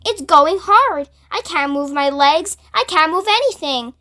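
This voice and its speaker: A woman reading aloud, voicing a fussy, complaining male centipede in a shrill, whiny way. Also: animated, measured pace, bright, forceful tone, full character voice. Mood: whining.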